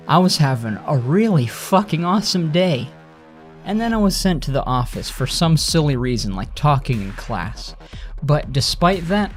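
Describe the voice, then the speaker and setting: Profane, ranting young man. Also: medium pitch. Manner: bitter, profane and sarcastic. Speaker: vlogger. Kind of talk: angry ranting monologue. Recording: faint music behind the voice.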